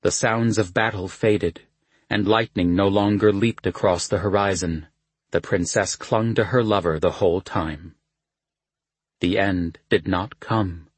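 A man reading a novel aloud as an audiobook narrator, in a measured, even manner. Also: low voice, breathy edge, no room sound. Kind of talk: scripted narration.

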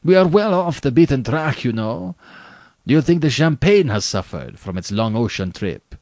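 A man reading a story aloud, voicing a suave, menacing aristocratic male hunter who speaks slowly and with courtly politeness. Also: medium pitch, sing-song, a little mellow, dry recording, studio quality, voice pushed up. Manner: slow, measured, courtly. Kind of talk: audiobook reading.

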